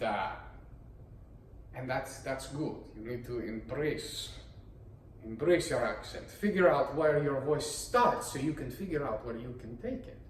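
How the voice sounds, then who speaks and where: A man's voice: fairly high pitch, darkish tone, slight background noise. A man who performs voices gives an explanatory talk on voice acting, in a theatrical, playful manner full of rhetorical questions. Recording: echoey room, voice from a distance.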